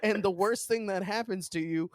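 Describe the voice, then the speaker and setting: A man's voice: sits high, normal speed, a crowd in the background. A man co-hosting a podcast, chatting enthusiastically, laughing often and swearing casually. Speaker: podcast co-host. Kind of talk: casual chat.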